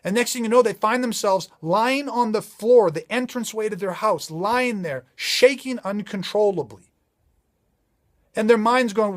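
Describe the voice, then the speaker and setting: A man's voice: high voice, moderate pace. A man giving a motivational safety talk, emphatic and driving his points home with repeated rhetorical questions. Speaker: safety trainer.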